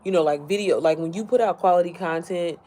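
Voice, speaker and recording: A woman's voice: lowish voice, fast talker, mellow. A woman chatting casually to her followers from home, rambling, easily sidetracked and often speaking straight to her viewers. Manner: rambling, chatty, keeps addressing viewers directly. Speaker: online business creator.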